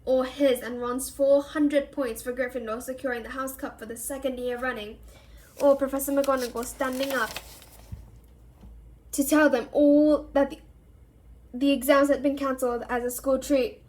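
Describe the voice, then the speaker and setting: A woman reading a novel aloud for a reading club, expressive and giving each character a voice. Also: high voice, moderate pace. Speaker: reader.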